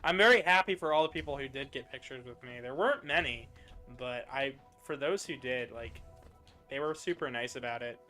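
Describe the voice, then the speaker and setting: Bright-voiced young man streaming a game. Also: mid-range voice, brisk, faint music behind. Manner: chatty, animated, swears casually. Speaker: streamer playing a video game. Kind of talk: casual chat while gaming.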